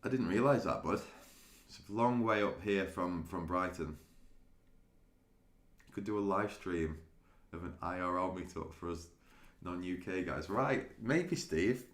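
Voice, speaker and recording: A man's voice: low voice, lively intonation, a little slow, reverberant. A man chatting casually with viewers on a live stream, laughing often and restarting his sentences. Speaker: day trading streamer.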